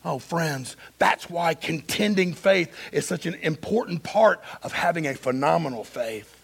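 Gravelly, high-voiced male preacher. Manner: impassioned, swinging from loud emphasis to hushed. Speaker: pastor. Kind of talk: sermon.

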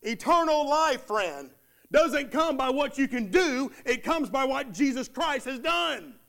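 A man preaching a sermon in a very high voice. He drives his points home with repeated phrases and rising emphasis, now and then acting out the words of the people in his story. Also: expressive, unhurried, creaky, fairly bright tone.

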